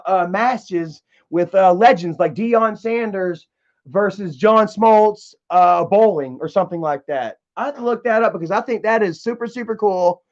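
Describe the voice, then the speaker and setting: The audio loses its highs as a high-voiced man chats casually with his live stream audience. He spins rambling, profane stories and laughs while telling them.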